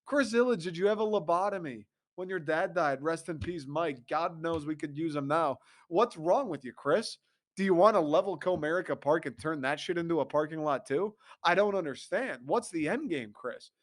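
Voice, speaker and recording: A man's voice: a little high, moderate pace. Ranting young man. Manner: profane, exasperated ranting with mocking laughs. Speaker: podcast host. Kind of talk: ranting sports commentary.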